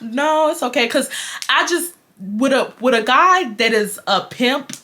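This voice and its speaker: A woman's voice: sits high, animated, unhurried, sharp tone. A woman in her twenties from Houston, Texas, telling a personal story to her viewers in a blunt, profane, casual way. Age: 20s. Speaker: storytime vlogger.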